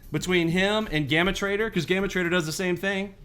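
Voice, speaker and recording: A man's voice: sits high, fairly even intonation, fairly quick, fairly bright tone, soft background music. A man hosting a trading channel, ranting to his viewers in an indignant, sarcastic and profane way. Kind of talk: angry rant to viewers.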